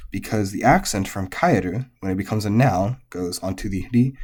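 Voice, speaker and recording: A man explaining Japanese pitch accent in a patient, methodical lesson, with frequent fillers. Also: normal speed, hardly any pauses, darkish tone, slightly rough. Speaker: language teacher.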